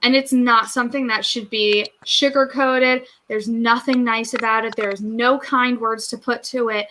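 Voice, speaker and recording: A woman's voice: a little high, steady tone, measured pace, sharp tone, slight background noise, rough recording. A woman talking as a guest on a casual podcast, earnest and emphatic.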